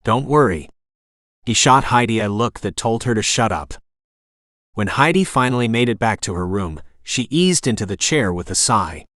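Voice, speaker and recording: A man narrating a romance audiobook in a calm, even reading voice, giving the characters' dialogue a gentle touch. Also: on the low side, normal speed, dry recording, studio quality.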